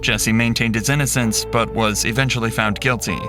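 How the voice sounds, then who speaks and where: A man narrating a true crime story in a measured, grave, scripted manner. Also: on the low side, steady tone. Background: background music.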